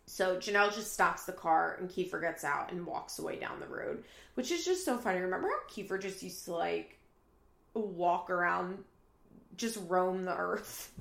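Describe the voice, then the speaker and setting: Brief: casual female recapper, gravelly fry, echoey apartment room. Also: on the low side. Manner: chatty, laughing, acts out quotes. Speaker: reality TV recap commentator.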